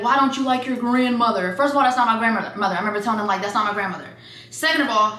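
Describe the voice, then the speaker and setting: Chatty young woman vlogging. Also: sits high. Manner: chatty, sassy, animated when quoting people. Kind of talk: casual storytelling vlog. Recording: echoey room with faint background hiss.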